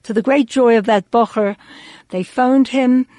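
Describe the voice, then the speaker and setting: A woman radio host recounts a story at an unhurried, measured pace, pausing often for effect. Her voice is recorded close and dry, with no room sound around it. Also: a little high, a little mellow, dry recording. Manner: slow, deliberate storytelling with dramatic pauses. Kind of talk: storytelling on a radio talk show.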